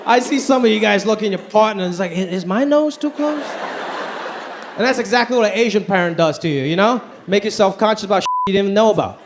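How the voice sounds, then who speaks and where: A young man from Los Angeles doing an animated stand-up set on a comedy club stage into a handheld mic, rising to near-shouts on punchlines. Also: high voice, racing, hardly any pauses, a crowd in the background. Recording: live club, audience noise.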